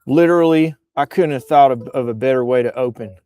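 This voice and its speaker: Outdoors on a bluff, a man hosts a casual livestream, his medium-pitched voice brisk, mellow, and clean on a dry recording. He jokes and riffs while reading posts and comments aloud.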